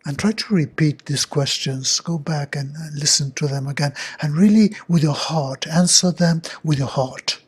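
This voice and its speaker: Husky older man. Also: fairly high pitch. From Argentina. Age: 60s. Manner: slow, repetitive, earnest questioning. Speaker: self-help speaker. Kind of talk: motivational guided affirmations.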